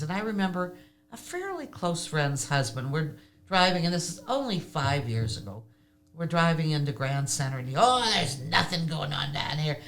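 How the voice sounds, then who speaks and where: An older woman telling stories in a casual interview, animated and laughing often. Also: low voice, a little hiss or hum. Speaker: podcast guest.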